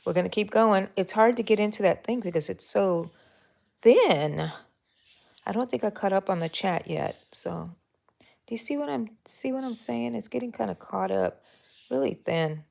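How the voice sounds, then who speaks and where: A woman with a Texan accent and a lowish, gravelly voice hosts a casual crochet livestream. She chats with her viewers and talks to herself as she works through the tutorial.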